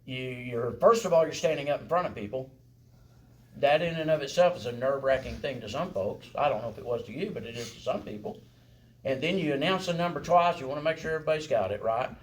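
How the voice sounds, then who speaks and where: A man's voice: medium pitch, quick pace. A man teaching a song-leading class in a folksy, encouraging way, often checking in with "right?" and "okay?". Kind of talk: congregational singing lesson.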